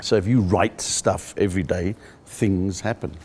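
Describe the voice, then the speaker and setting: A middle-aged South African man, a stand-up comedian, telling stories in an interview and jumping into high voices for the punchlines. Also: unhurried, slight background noise. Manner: animated storyteller, jumps into high-pitched voices for jokes. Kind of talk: interview with comic anecdotes.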